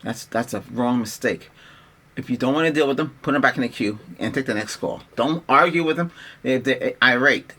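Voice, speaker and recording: A middle-aged man vents about tech in a loose, rambling vlog voice that is bright and forceful. He keeps restarting his sentences and sounds exasperated. A faint hiss sits under the recording. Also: medium pitch, creaky. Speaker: tech vlogger. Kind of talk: casual ranting vlog.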